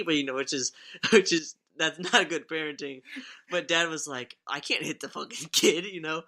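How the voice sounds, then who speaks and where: A man's voice: a little high, normal speed, pushed and bright. A young man telling stories on a casual podcast, rambling and swearing, often laughing as he talks. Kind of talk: casual storytelling chat.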